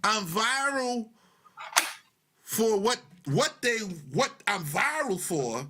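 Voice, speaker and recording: A man with an Arabic accent hosting a podcast, telling stories in an animated way and laughing often. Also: high voice, takes it slowly, heavy background noise. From Arab world. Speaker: podcast host. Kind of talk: casual interview chat.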